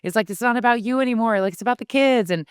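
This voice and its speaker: Animated woman guest telling stories. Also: a little high, racing, clear, resonant tone, no echo, clean studio sound. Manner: animated storyteller, acts out quoted voices. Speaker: podcast guest, author. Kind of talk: casual podcast conversation.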